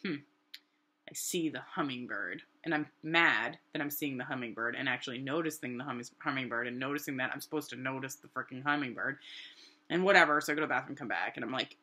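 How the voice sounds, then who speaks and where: Woman in her 30s, low bright voice, chatty rambling storyteller full of "like"s. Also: fast talker. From New Hampshire, USA. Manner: animated, rambling, many "like" fillers, acts out quotes. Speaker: artist and vlogger. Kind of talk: casual personal storytelling.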